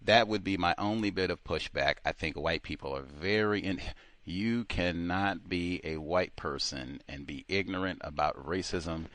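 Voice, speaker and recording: A man with a very low, deep voice hosts a radio interview. He talks emphatically and animatedly, with frequent laughter. The sound is dry and close to the mic. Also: normal speed, fairly bright tone, no echo. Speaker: radio host. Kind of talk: call-in interview talk.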